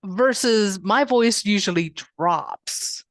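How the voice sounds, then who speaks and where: A woman co-hosting a podcast, calm and reflective, explaining her thoughts in casual chat. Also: medium pitch, takes it slowly, no room sound, studio quality. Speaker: podcast co-host.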